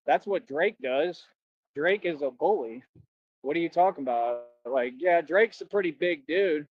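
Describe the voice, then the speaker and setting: A man's voice: a little high, animated, unhurried, no echo. A young man, a former bouncer, boasting and ranting in slangy, combative talk on a livestream. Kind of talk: rambling livestream rant. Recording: dull lo-fi dry stream audio.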